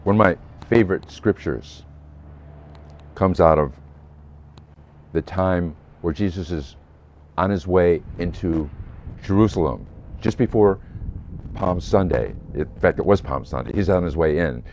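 A man's voice: deep voice, a little slow, long pauses, a little mellow, a little hiss or hum. A man as a pastor giving a short Easter sermon, telling a Bible story earnestly and voicing the people he quotes.

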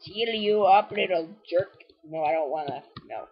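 A woman's voice: on the low side, normal speed, lo-fi sound, background noise. A woman giving rambling, casual commentary while playing a video game and talking back at it. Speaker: let's play host.

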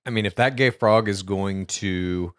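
A man's voice: lowish voice, unhurried. A man co-hosting a podcast in casual banter, laid-back and profane as he eggs his partner on. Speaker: podcast co-host.

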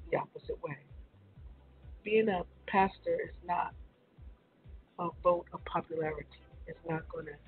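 A woman hosting a casual morning radio show, chatty and relaxed, with a raspy morning voice. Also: mid-range voice. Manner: chatty, laughs easily, many fillers. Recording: phone-line internet radio.

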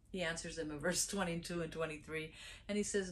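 A woman preaching a sermon, telling a parable in a lively storytelling way. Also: deep voice, fairly quick, slight background noise. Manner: animated storytelling, acts out characters.

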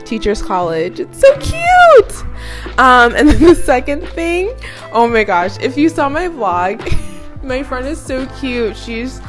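A young woman in her twenties chatting casually in a vlog, full of fillers and quick laughs. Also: on the high side. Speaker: student vlogger.

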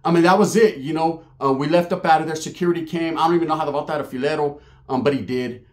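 A man from Merced, California tells a street story to his channel. He talks in a rough, profane, slang-packed way, and his voice sits a bit higher than most men's. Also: quick pace. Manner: profane, slang-heavy, animated retelling. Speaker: YouTube storyteller.

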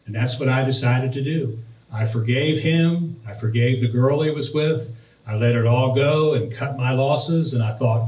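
A pastor preaching, telling a personal story and then reading and explaining scripture verses. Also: male voice, medium pitch, normal speed, darkish tone. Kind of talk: sermon. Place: church sanctuary. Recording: roomy, distant from the mic.

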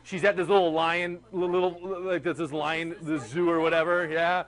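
A man teaching a history class in a classroom, animated and chatty, often checking in with the students. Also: on the high side, normal speed, soft background music, rough recording. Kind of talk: classroom lecture.

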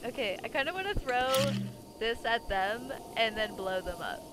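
Young woman, high voice, live game commentary, chatty and giggly, music in the background. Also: expressive, moderate pace. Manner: chatty, giggly, talks to enemies in a baby voice. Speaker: streamer. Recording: music playing under the voice.

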